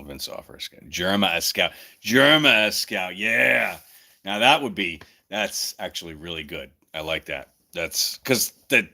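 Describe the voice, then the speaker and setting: A man with a very low voice hosts a relaxed livestream chat, thinking out loud and tossing out jokes. His pitch swings widely as he talks. His tone is bright and forward, even at such a low pitch. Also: vocal fry. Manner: musing, thinking aloud, joking. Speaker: streamer hosting a chat.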